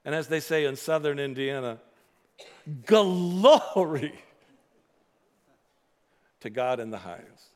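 A male pastor preaching a sermon, rising to loud emphatic declarations and dropping to soft, earnest appeals. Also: medium pitch, brisk, few pauses, clear, resonant tone. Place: church sanctuary. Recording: long hall reverb.

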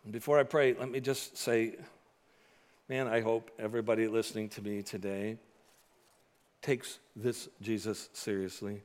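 A male pastor preaching a sermon, rising to loud emphatic declarations and dropping to soft, earnest appeals. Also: lowish voice, steady tone, normal speed. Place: church sanctuary. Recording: long hall reverb.

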